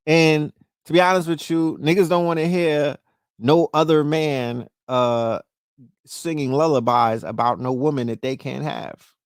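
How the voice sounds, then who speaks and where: Male podcast host with a gravelly voice, loose and profane, always checking in with the listener, dry close sound. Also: fairly high pitch, dry recording. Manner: loose, profane, keeps asking "you know what I mean?". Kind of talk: casual monologue.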